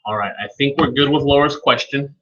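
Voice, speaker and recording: A man hosts a live software training webinar, his voice bright and forward. He talks informally and turns to attendees by name as he explains each step. The audio is a little dull and lo-fi. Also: mid-range voice, fairly quick.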